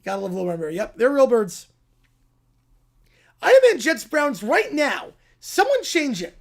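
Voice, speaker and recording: A man voicing a sulking, whining Canadian brat in a comic skit, loud and drawn out. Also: high-pitched, animated, quick pace, creaky, voice pushed down. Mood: whiny. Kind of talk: reading a viewer prompt as a skit.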